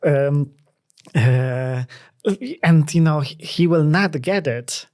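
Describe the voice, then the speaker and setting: Polish-accented man, expressive guest. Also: fairly high pitch, slow. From Poland. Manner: expressive, chatty, laughs often. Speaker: guest artist. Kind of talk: casual conversation.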